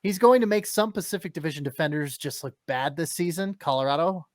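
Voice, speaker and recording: An excitable co-host of a sports podcast, recorded dry and close with no room sound. The voice sits at a middle pitch and breaks into laughter when things get exciting. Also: a little fast, no echo. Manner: excitable, laughs and gets flustered. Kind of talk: hockey analysis podcast.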